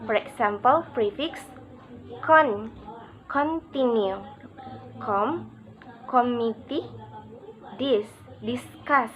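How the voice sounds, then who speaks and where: A woman reading out a pronunciation lesson, halting and word by word with pauses. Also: fairly high pitch, a bit bright, rough recording.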